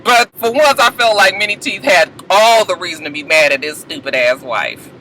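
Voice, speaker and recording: A woman reviewing a TV episode in casual, profane commentary, switching into quick impressions of the people she quotes. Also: on the low side, a little hiss or hum, rough recording. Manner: animated, profane, acts out the quoted lines. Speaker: TV show reviewer.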